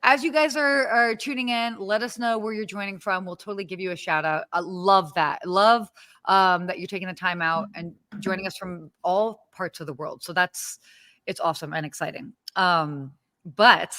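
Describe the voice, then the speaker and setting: A woman's voice: fairly low pitch, moderate pace, a bit bright, no echo. A woman co-hosting a live podcast from her apartment, chatty and exclamatory with lots of fillers. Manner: bubbly, exclamatory, many fillers. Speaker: podcast co-host. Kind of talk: casual live-stream chat. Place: home apartment.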